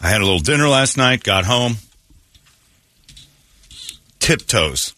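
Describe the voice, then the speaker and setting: On a studio mic, a man hosting a morning radio show tells a story amid casual banter, laughing often. His medium-pitched voice keeps a measured pace while his storytelling stays animated.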